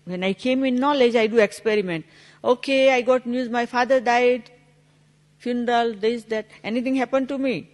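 A woman's voice: fairly high pitch, steady tone, moderate pace, a little mellow, big-room sound. A woman giving a spiritual talk, telling a story with acted-out dialogue in non-native English. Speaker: spiritual teacher.

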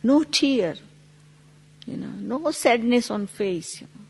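A woman's fairly high voice rings through a hall with a long reverb. She is a spiritual teacher recounting a personal story, acting out the dialogue in lively, non-native English. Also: slow pace, vocal fry, slightly rough. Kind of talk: spiritual talk with anecdote.

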